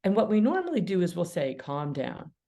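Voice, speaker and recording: A woman's voice: mid-range voice, sing-song, quick pace, dark tone. A middle-aged woman mediator and author, talking animatedly in a podcast interview, laughing often and acting out quoted dialogue. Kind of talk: conversational interview.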